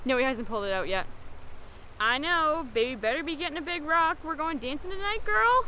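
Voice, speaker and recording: Gossipy young woman, high and sharp voice, very lively swoops, faint noise behind. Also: brisk. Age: young adult. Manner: chatty, gossipy, distracted. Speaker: sketch performer playing a gossiping girlfriend. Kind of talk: sketch comedy acting.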